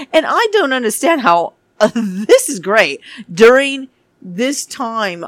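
A woman's voice: on the low side, dry recording. A woman hosting a chatty, gossipy recap, sarcastic and full of pet names for her viewers. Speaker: show recap host. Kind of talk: casual commentary recap.

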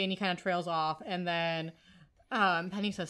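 A woman's voice: mid-range voice, fairly even intonation, moderate pace. A woman co-hosting a podcast, recapping a TV episode in casual chat and arguing her points firmly. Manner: opinionated, argues and retells scenes. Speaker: podcast co-host.

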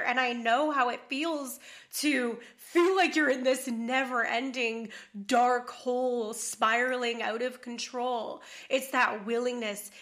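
A woman's voice: fairly high pitch, a bit bright. A woman hosting a podcast interview, effusive and heartfelt, swearing casually as she talks. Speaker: podcast host.

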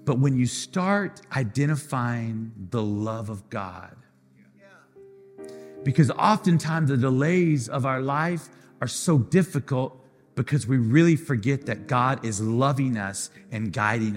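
A man who is a pastor preaching a sermon with passion, swinging between loud declarations and soft, quiet asides. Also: mid-range voice, a little slow. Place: church sanctuary. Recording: live church hall with music behind.

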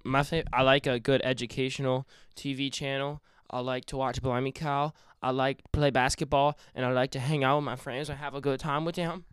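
A man's voice: mid-range voice, level tone, brisk, few pauses, fairly bright tone, clean tone, no echo, studio quality. A playful young man hosting a casual comedic podcast, joking around and telling puns. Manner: playful, jokey, freestyles and puns. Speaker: podcast host.

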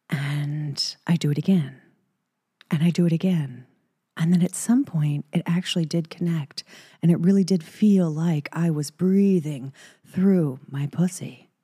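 A woman's voice: low-pitched, warm tone, husky. A middle-aged woman from Texas, hosting a podcast and telling a personal story in an intimate, giggly way, often dropping into whispers. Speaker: podcast host.

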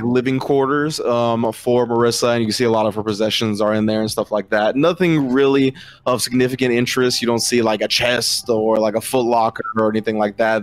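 A man narrates a tabletop role-playing session as its game master. He describes the scenes in a loose, rambling way with frequent fillers. His voice sits at a middling pitch.

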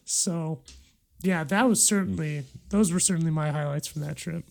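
A young man casually recounting travel memories, relaxed and hesitant with many fillers. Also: fairly high pitch, normal speed, creaky. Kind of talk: casual storytelling chat.

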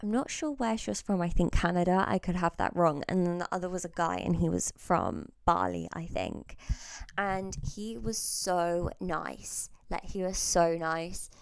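A woman's voice: on the low side, lively intonation, a little slow, gravelly, clean tone, no room sound. A young adult woman vlogger telling a holiday story in a casual, chatty way, swearing freely and laughing between sentences.

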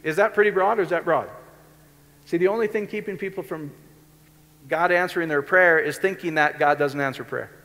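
A man with a fairly high voice preaches a sermon, talking to the room like a conversation and often asking whether his listeners are following. The sound carries a long reverb from a large hall around him. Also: fairly quick, a bit bright. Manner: conversational, keeps checking in with the audience. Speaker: pastor.

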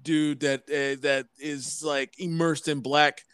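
A man rants in casual conversation, his voice smooth and resonant, recorded dry and close. His pitch sits a little high, and his delivery is blunt and profane. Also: level tone, takes it slowly, fairly bright tone, no room sound. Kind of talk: casual podcast chat.

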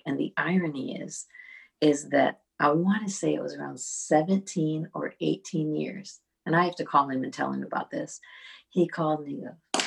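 Husky, gravelly middle-aged woman storyteller. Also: sits low, moderate pace. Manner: storytelling, animated, with restarts. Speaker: songwriter guest. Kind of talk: casual podcast conversation.

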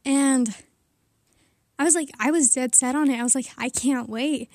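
A high-voiced teenage girl rambles casually with giggly asides, a little winded. She talks from under a blanket, so the sound is close and dead dry. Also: normal speed, a little mellow, dry recording. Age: teens. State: slightly out of breath.

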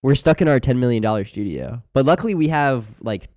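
A man's voice: medium pitch, expressive, fairly quick, a little mellow, no echo, clean studio sound. A young man co-hosting a casual podcast, talking in a laid-back, slangy way and laughing often. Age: young adult. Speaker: podcast co-host. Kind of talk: casual chat.

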